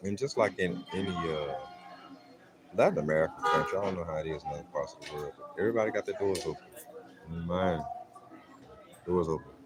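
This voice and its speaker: A deep, low-pitched middle-aged man chats loosely with his livestream viewers, drifting from thought to thought. His delivery is relaxed and easygoing. Loud music plays steadily in the background. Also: a little fast, long pauses, poor audio. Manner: laid-back, rambling, peppered with "man". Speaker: livestream host. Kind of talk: casual livestream chat. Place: at home in a hot city neighborhood.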